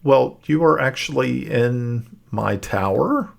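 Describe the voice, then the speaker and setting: A man's voice: medium pitch, animated, slow pace, vocal fry, exaggerated voice. A man voicing Raven, a friendly woman wizard welcoming guests to her tower, in his own hesitant everyday voice. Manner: hesitant, many fillers.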